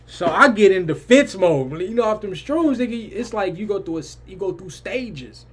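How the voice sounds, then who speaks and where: Animated young man telling a wild story. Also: moderate pace, few pauses, breathy edge. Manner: animated, swings loud and high in quoted lines, swears freely.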